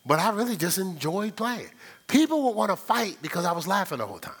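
Older male pastor, fairly high voice, animated story-driven sermon, speaks straight to the pews. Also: fast, slightly rough. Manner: animated storytelling, sound effects and laughter; conversational, addresses the congregation directly.

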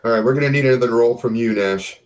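A man runs a tabletop game as game master, describing scenes in a relaxed, plain voice of middle pitch. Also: fast, rough recording.

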